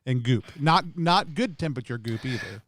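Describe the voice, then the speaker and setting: A man's voice: mid-range voice, lively intonation, moderate pace, noisy background. A man narrating a tabletop game as game master, rambling with lots of fillers.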